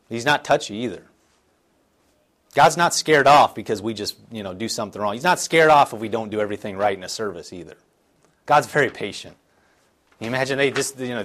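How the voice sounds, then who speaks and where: A man's voice: medium pitch, a bit bright. A middle-aged man preaching a sermon in a church, reading scripture aloud and explaining it in a conversational, earnest way with frequent restarts. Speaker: pastor.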